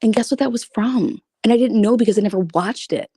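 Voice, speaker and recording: A woman's voice: a little high, quick pace, warm tone, slightly rough, no echo, clean studio sound. Blunt, profane woman reading messages. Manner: reads messages aloud with asides. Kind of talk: casual livestream commentary.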